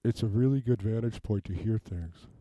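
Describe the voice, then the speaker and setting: A man rambling through an improvised comedic monologue in a deadpan way, asking "okay?" over and over. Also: lowish voice, moderate pace, no room sound, muffled recording. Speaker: comedic self-tape performer. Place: home basement.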